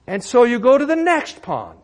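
A man's voice: very high-pitched, wildly swooping pitch, normal speed. A male pastor preaching a sermon in an earnest, conversational way, asking rhetorical questions.

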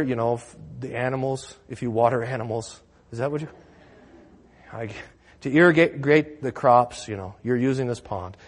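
A male pastor preaching a sermon in an earnest, conversational way, asking rhetorical questions. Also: on the high side.

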